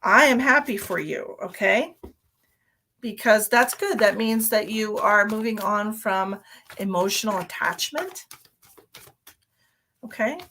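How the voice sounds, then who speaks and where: A woman's voice: medium pitch, takes it slowly, long pauses, pushed and bright, a little hiss or hum, low-quality recording. A middle-aged woman hosting a live psychic reading stream, chatting casually with viewers and laughing often. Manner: chatty, laughs often, talks to her pets.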